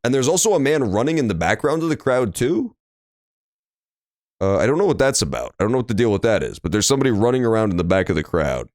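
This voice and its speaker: A man's voice: fairly low pitch, very animated, rapid-fire, hardly any pauses, darkish tone, no echo. Crude jokey male streamer. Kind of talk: casual let's-play commentary. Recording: dry room with faint game music.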